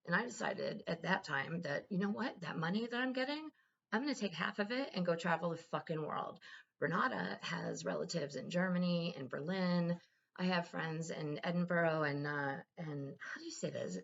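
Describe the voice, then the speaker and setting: Low gravelly-voiced woman vlogging. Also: normal speed, dull audio. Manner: candid, rambling, swears freely. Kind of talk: casual personal vlog.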